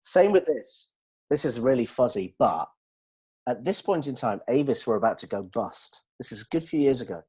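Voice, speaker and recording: A man explaining communication ideas to colleagues in an animated way, checking that they follow. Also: medium pitch, normal speed, slightly rough. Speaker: dental communication trainer. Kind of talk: explanatory discussion.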